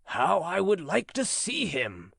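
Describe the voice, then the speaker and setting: Huge old giant put on by a man, slow solemn speech, lively pitch, storybook reading. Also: gravelly, dry recording, studio quality, heavily acted. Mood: tender. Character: huge old male giant, gruff then tender.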